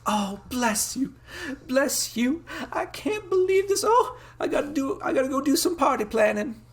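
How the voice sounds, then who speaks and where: A gushing, fluttery middle-aged farm mother in a tabletop game, her voice pitched far up and bursting with exclamations, as the game master puts her on. She talks in excited rushes of fuss and blessing. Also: full character voice.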